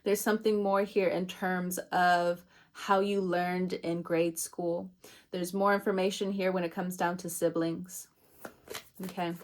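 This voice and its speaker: A woman's voice: lowish voice, level tone, a little slow. A young adult woman giving a casual, meandering tarot reading, chatty and laughing at herself. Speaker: tarot reader.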